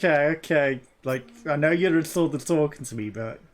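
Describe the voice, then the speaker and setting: A man's voice: on the high side, normal speed. A man giving casual let's play commentary, joking crudely, laughing often and talking back at the game.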